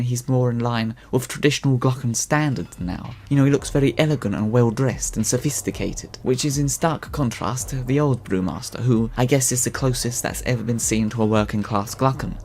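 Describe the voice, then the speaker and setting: A man's voice: medium pitch, a little mellow, slight background noise. A man narrating a scripted commentary voice-over, thoughtful and opinionated, often hedging his views. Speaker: video essay narrator.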